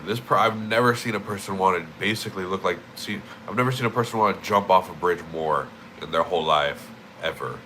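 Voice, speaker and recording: A man's voice: low-pitched, sharp tone, slight background noise, poor audio. A young man livestreaming, just woken up, rambling and swearing with emphatic repeated words. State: just woke up. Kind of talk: casual streaming rant.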